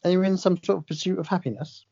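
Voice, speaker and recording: A man's voice: high-pitched, quick pace, gravelly, dark tone, breathy edge. A man co-hosting a casual podcast, teasing and cheeky with dry banter. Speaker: podcast co-host. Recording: dull lo-fi recording.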